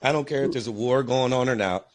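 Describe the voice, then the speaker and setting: A man's voice: medium pitch, quick pace. A father co-hosting a podcast, chatting casually and animatedly, swearing freely and breaking into mocking voices while telling stories. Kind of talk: casual profane chat.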